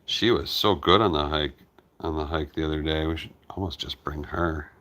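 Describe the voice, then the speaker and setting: A man's voice: very deep voice, steady tone, moderate pace, a bit bright. A man hosting a casual live stream from his farm, talking tenderly to his old dogs and reading viewer comments aloud. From United States. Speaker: farm hospice channel host.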